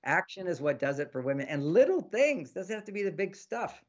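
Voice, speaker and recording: A man, an author of relationship books, giving casual advice as a podcast guest, animated and fond of acting out little quoted exchanges with a laugh. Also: high voice, brisk, muffled recording. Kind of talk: casual advice talk in an interview.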